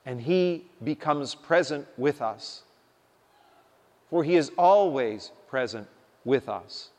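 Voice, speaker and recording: A man preaching a sermon, speaking in a deliberate, emphatic way. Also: medium pitch, expressive, darkish tone. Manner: slow, deliberate, emphatic delivery. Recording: long reverb of a large hall.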